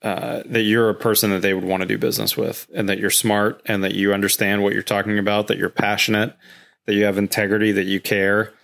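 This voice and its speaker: Low-voiced man telling stories on a podcast. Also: a little fast, gravelly. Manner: rambling, animated retelling with acted quotes. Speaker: guest, home builder. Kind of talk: casual podcast storytelling.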